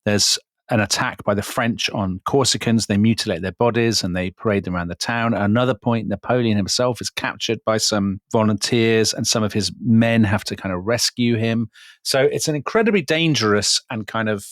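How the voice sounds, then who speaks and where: A man's voice: on the low side, normal speed, no echo, clean studio sound. A man co-hosting a casual history podcast, telling events in a conversational way with tag questions. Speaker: podcast co-host.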